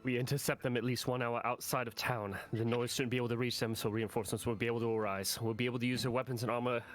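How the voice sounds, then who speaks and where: A man's voice: mid-range voice, level tone, slight background noise. A man playing a tabletop game who speaks in character, decisive and to the point. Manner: quick, decisive. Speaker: player.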